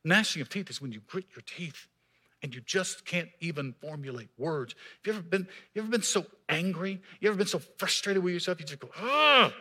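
Male pastor, sermon, bright forceful tone, fairly high voice, emphatic, drops to hushed lines. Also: brisk, breathy edge. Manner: emphatic, swings from raised to hushed. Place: church.

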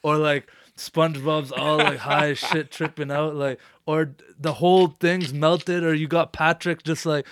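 A man in a relaxed casual conversation, agreeing often and riffing along. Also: a little high, a little slow, few pauses, no room sound, studio quality. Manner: laid-back, agreeable, often agrees with "yeah". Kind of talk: casual chat.

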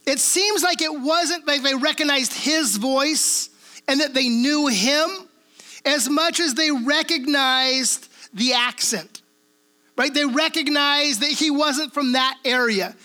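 High, bright-voiced woman preaching casually. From Pacific Northwest. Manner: casual, checks in with listeners through frequent tag questions. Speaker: pastor. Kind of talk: conversational sermon teaching.

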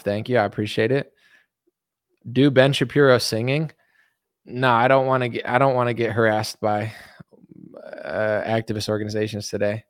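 A man's voice: on the low side, flat delivery, normal speed, pauses often, dry recording, studio quality. A man hosting a casual livestream, reading out chat and making sarcastic, joking asides.

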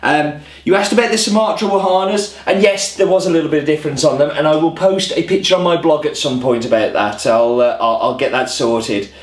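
A man's voice: on the high side, fairly even intonation, a little fast, hardly any pauses. A man hosting a coffee vlog in casual chat to camera, rambling and self-deprecating. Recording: roomy echo.

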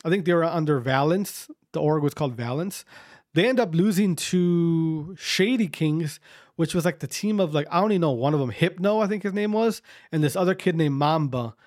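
A man's voice: a little high, expressive, moderate pace, darkish tone, no room sound, clean studio sound. A man casually telling a long story to his viewers, rambling, repeating himself and swearing often.

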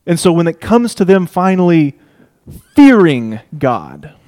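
Male preacher, slightly high voice, emphatic sermon delivery with loud-to-hushed dynamic swings. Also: very animated, a little slow. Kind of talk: expository sermon.

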